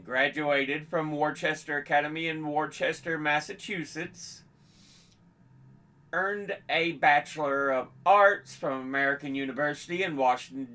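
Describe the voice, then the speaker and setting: A man with a slightly higher voice than most talks very slowly through dates and dollar amounts as a host. His tone is bright and forward. He keeps a steady, measured delivery and now and then restarts a phrase. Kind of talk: unscripted informational presentation.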